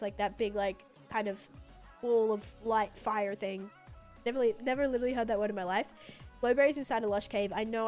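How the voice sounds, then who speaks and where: A young woman chats through a live game stream in a loose, giggly way, full of "like" and "um". Her voice sits a little high. Faint music plays behind her. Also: darkish tone. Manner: chatty, giggly, lots of "like" and "um". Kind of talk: casual live-stream chat while gaming.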